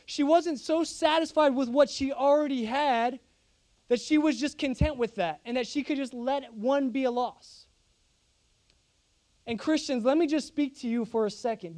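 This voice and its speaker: A man's voice: very high voice, darkish tone. A young man preaching a sermon, telling a humorous, self-deprecating story to his congregation.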